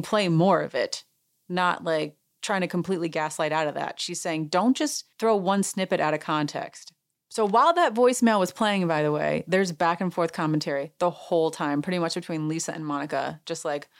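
Chatty woman recapping reality TV. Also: low-pitched. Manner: chatty, reenacts quotes with animated voice jumps. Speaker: podcast host. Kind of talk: casual recap chat.

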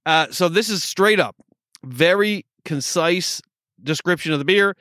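A man's voice: high voice, measured pace, pushed and bright, no echo. Man, slight New York accent, podcast co-host, joking, casual chat, dry sound. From upstate New York. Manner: joking, laughs often.

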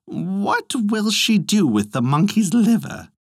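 A man voicing a naive, eager male jellyfish in a storybook tale, with a squeaky, wheedling voice. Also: sing-song, slow, breathy edge, dry recording, heavily acted. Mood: curious.

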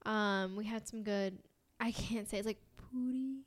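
A young woman from the United States, speaking with an American accent, talks at a normal speed in a mid-range, level-toned voice. As a podcast co-host she chats casually, rambling with frequent fillers and giggles.

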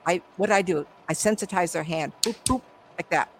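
A woman's voice: lowish voice, normal speed, slight background noise, poor audio. A middle-aged woman, a psychic medium, telling stories animatedly in an interview and acting out the voices. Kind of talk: conversational interview storytelling.

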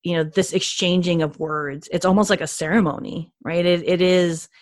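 A woman co-hosting a podcast, chatting enthusiastically with many quick restarts. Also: lowish voice, fairly even intonation, dry recording, studio quality. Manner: enthusiastic, gushing, frequent restarts. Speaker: podcast co-host. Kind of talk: casual podcast chat.

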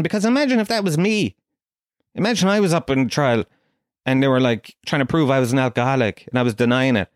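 A man's voice: a little high, dry recording, studio quality. An Irish man in his forties with a Kerry accent, telling a profane, incredulous comic rant. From Ireland. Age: 40s. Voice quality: animated, incredulous, swearing freely.

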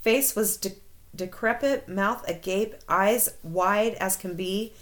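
A woman's voice: medium pitch, slow pace. A woman co-hosting a casual chat, telling stories and reacting with frequent exclamations. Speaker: podcast co-host.

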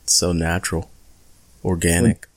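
Deep-voiced enthusiastic podcast host. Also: male voice, monotone, normal speed. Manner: enthusiastic, laughing. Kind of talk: casual podcast chat.

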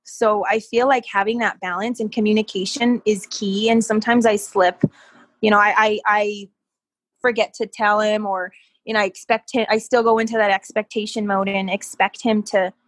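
A woman guest telling a personal story in casual conversation, animated and quick to laugh, often repeating words as she gets going. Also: mid-range voice, no room sound. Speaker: podcast guest.

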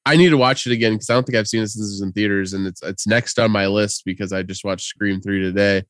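Smooth, low-voiced male podcast co-host. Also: steady tone, quick pace, a bit bright, dry recording, studio quality. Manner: loose and jokey, laughs often. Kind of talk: casual podcast chat.

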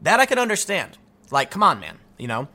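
A man delivers an opinionated political monologue in a bright, forward voice that sits a little high for a man. He is emphatic and restless, often doubling words as he pushes a point home. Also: wildly swooping pitch, brisk. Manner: emphatic, repeats words when building a point. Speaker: political commentator.

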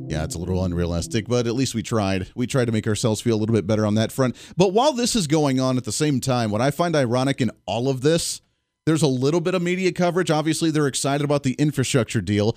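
A man's voice: medium pitch, lively intonation, fast talker, music in the background. A man hosting a political talk radio show in a casual, sarcastic way, laughing at his own jokes.

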